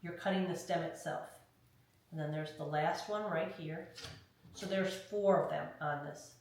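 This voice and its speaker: A woman's voice: deep voice, unhurried, a little mellow. A woman leading a hands-on craft tutorial, talking through each step in a chatty way and often checking in with "okay?". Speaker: craft instructor. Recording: very echoey room, mic far off, faint noise.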